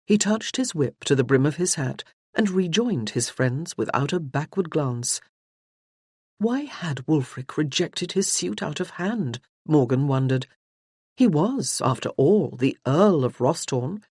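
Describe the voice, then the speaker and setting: A woman narrating a historical romance audiobook in a measured, expressive reading. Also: deep voice, breathy edge, dry recording, clean studio sound. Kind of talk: scripted narration.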